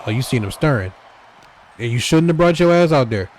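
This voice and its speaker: A man giving excitable, trash-talking play-by-play commentary over a wrestling video game, talking straight to the wrestlers. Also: mid-range voice, fairly quick.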